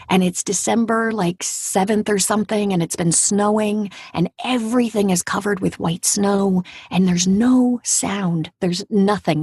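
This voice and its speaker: Husky-voiced woman telling a dramatic story. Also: mid-range voice, dry recording. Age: 40s. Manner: vivid, dramatic storytelling, drops to a hush at tense moments. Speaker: audiobook narrator and actor, guest. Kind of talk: personal storytelling in an interview.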